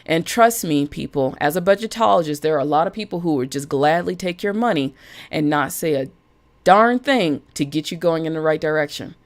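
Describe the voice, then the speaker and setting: A woman hosting a casual live stream as a budget coach, chatty and animated, greeting viewers by name. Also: sits low, fairly quick.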